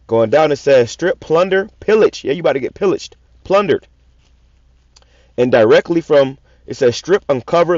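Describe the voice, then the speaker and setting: A man's voice: medium pitch, a little mellow, no room sound. A man preaching scripture in a raw, profane style, repeating words in stammering runs and swearing often. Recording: dull lo-fi sound.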